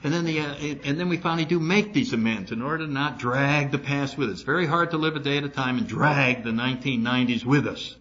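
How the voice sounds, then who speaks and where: Older man telling a lively recovery story. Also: mid-range voice, quick pace, few pauses, dull audio. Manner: animated, acts out both sides of dialogues. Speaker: recovery speaker. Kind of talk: storytelling talk to a meeting.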